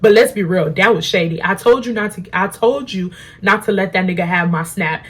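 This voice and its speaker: A young adult woman at home, telling an animated, slangy story while doing her makeup. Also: medium pitch, a little fast, slightly rough. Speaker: beauty vlogger.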